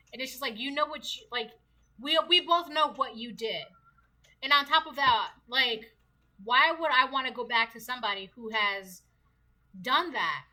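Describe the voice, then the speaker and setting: A woman talks through a tarot reading in a loose, chatty way, circling back to the same points and tossing out rhetorical questions. Her voice sits a little high and sounds very bright and sharp. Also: a little hiss or hum, rough recording. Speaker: tarot reader. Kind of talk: casual tarot reading to viewers.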